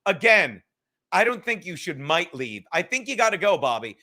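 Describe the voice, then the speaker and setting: A man's voice: high voice, sing-song, normal speed, pushed and bright. A man hosting a podcast, ranting casually with heavy swearing and sarcastic asides. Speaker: podcast host. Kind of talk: casual rant.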